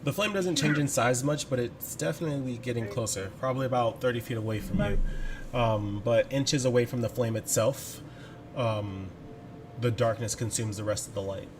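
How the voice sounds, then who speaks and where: A man's voice: medium pitch, moderate pace, noisy background. A man running a tabletop game as game master, describing scenes with jokey asides.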